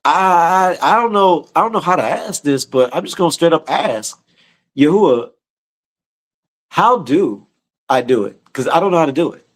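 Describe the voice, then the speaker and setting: Male teacher, fairly high voice, relaxed sermon delivery, conversational and slangy. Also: moderate pace. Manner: conversational and slangy, often repeating words. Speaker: teacher leading a scripture study. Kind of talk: casual sermon on a livestream.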